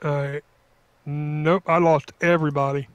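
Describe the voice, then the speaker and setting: A man's voice: fairly high pitch, level tone, measured pace, clean tone, no room sound. A man in easygoing, jokey casual chat while playing a game with friends. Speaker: fellow player.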